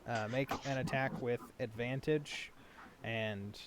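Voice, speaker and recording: A man's voice: mid-range voice, steady tone, takes it slowly, noisy background. A man running a tabletop game as game master, narrating casually and often laughing.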